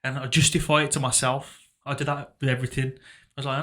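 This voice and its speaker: A young man on a podcast, recounting a painful memory in a halting, reflective way, often trailing off quietly. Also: mid-range voice, level tone. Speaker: podcast co-host. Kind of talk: casual emotional conversation.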